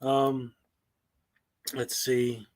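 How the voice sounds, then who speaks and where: A man's voice: medium pitch, flat delivery, extremely slow. A man hosting a commentary show, reading viewer comments aloud in a sarcastic, mocking way. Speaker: commentary channel host.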